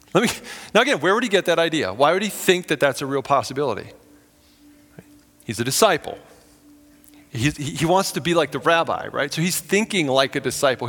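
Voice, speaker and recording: A man's voice: sits high, sharp tone, long reverb tail. A man preaching a sermon as pastor, earnest and conversational, acting out quotes as he goes.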